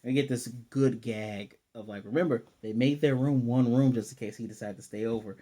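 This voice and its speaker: A man's voice: mid-range voice, fairly quick, warm tone. A man giving a casual, rambling recap of an anime episode. He chuckles as he goes and voices the characters' lines in his own voice.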